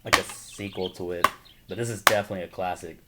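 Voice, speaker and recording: A man casually chatting to camera about his movie collection, excitedly rambling through favorite scenes. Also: deep voice, fast. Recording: noisy home recording with birds chirping behind.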